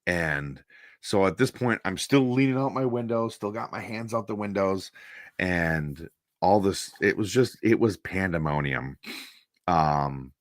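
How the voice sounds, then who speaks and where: A man's voice: sits low, measured pace, no echo, clean studio sound. A man from Minnesota telling a long, rambling anecdote on his stream, stopping to act out the people in it. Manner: rambling, animated anecdote with quoted voices. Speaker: host. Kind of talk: casual storytelling on a stream.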